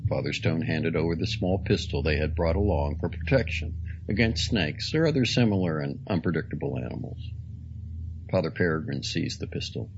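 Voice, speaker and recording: A man reading a story aloud in a slow, deliberate, dramatic way. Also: very deep voice, expressive, vocal fry, highs cut off, a little hiss or hum. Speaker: narrator. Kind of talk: audiobook reading.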